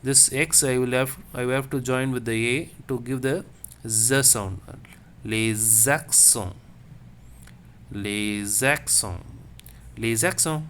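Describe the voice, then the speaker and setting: Male language teacher, slow and repetitive, mid pitch, faint room noise. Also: steady tone, fairly bright tone. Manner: slow, repetitive, checks with "okay?". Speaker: French teacher. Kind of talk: classroom lesson.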